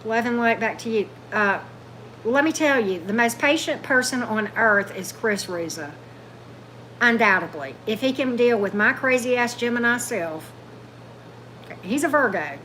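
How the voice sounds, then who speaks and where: A woman's voice: on the high side, pushed and bright, a little hiss or hum, poor audio. A woman hosting a tarot livestream, chatting loosely and answering viewer comments as they come in. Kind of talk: casual livestream chat with viewers.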